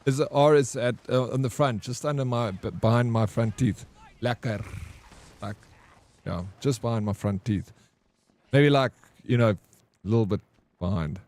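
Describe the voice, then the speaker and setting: A man's voice: mid-range voice, moderate pace, long pauses, darkish tone. A South African man chatting casually with his viewers during a live game stream, reading and answering their comments. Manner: chatty, laid-back, reads and answers chat.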